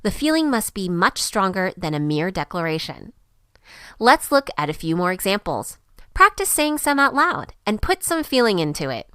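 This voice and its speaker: Woman narrating a lively, dry grammar lesson. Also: mid-range voice, normal speed, no echo. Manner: clear, even teaching delivery. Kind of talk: scripted narration.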